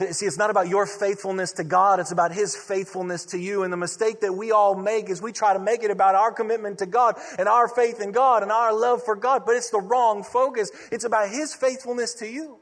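A man's voice: high-pitched, fairly even intonation, brisk, few pauses. A male pastor preaching a sermon in a conversational, storytelling way. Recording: long reverb of a large hall.

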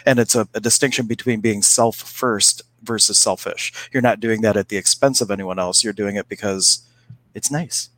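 A man's voice: lowish voice, normal speed, fairly bright tone. A man in casual conversation, telling chatty stories and laughing as he goes. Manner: chatty storyteller, laughs while telling anecdotes. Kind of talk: casual chat.

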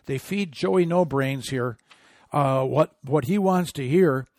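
A middle-aged man giving opinionated political commentary, sarcastic and indignant, often rising into loud outrage. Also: mid-range voice, slow pace, no room sound, studio quality. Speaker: commentary host.

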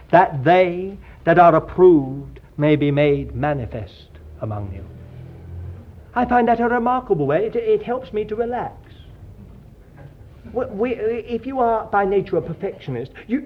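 A man preaching a sermon in an earnest, digressive way, often calling his listeners dear child of God. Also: high voice. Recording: dull lo-fi sermon recording.

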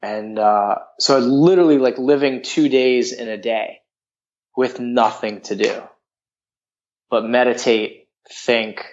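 A man's voice: mid-range voice, steady tone, takes it slowly, darkish tone, lo-fi sound. A man telling a personal story in a frank, rambling way, full of filler words. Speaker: guest.

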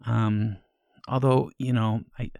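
A man's voice: level tone, slow pace, gravelly, a little mellow, no echo. A man doing a stammering, possessed young assistant. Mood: nervous. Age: 20s. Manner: stammering, nervous and meek, breaking into deep growls. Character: timid young male assistant, possessed by a growling demon. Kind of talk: improvised comedy podcast. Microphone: headphones and studio mic.

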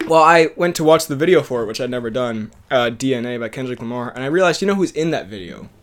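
A man's voice: medium pitch, expressive, fast. A man co-hosting a podcast in casual chat, talking eagerly about movies and laughing often. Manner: chatty, laughs often, trails off and restarts. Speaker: podcast co-host.

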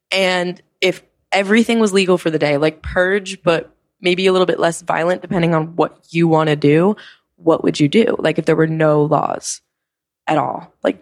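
Young woman, podcast host, rambling casual chat, lots of fillers, slightly low voice. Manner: chatty, rambling, frequent "like" fillers, swears casually.

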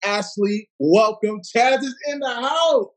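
A man's voice: high voice, takes it slowly. A man hosting a Bible study livestream from his phone, hyped and slangy, greeting viewers by name.

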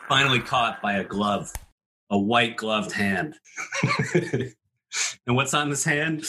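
A man's voice: medium pitch, pushed and bright, a little hiss or hum. A man casually telling a made-up movie plot to his co-hosts, rambling with many fillers and frequent laughs. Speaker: podcast host pitching a made-up movie. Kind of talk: casual comedic storytelling.

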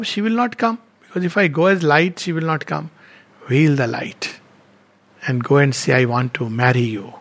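A spiritual teacher, a man, reads poetry aloud and explains it in a measured, reflective way, pausing often. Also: mid-range voice.

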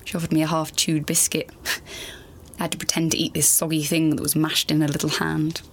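A woman's voice: low-pitched, monotone, normal speed, husky. An actress playing a grown daughter who speaks hesitantly, with wry asides, to her dead mother in a radio drama. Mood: wistful.

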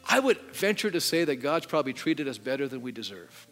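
In a church sanctuary, a middle-aged pastor preaches a little fast in a somewhat bright, mid-range voice with big pitch swings. His sermon, which includes an altar call, is conversational and full of questions to the congregation, with long hall reverb and faint music in the recording.

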